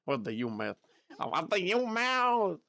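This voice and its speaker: A man's voice: high voice, very animated, unhurried, vocal fry, sharp tone, no echo, studio quality. A young man streaming casually, chatty and goofy, repeating himself and dropping in Japanese filler words, with a slightly tired throat. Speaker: virtual streamer. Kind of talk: casual livestream chat.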